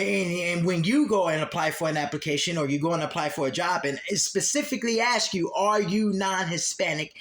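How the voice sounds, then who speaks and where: A man's voice: fairly high pitch, fairly bright tone. A man giving a heated scripture commentary monologue, fiery and emphatic, hammering points home with long repeated lists.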